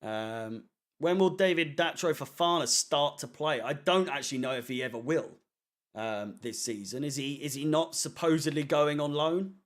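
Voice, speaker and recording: A man talks casually to a live chat, loose and rambling with plenty of ums. His voice sits a little high for a man. He swears offhandedly as he goes. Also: moderate pace. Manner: rambling, chatty, swears casually, many fillers. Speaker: fan channel watchalong host. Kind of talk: casual live-stream chat reading comments.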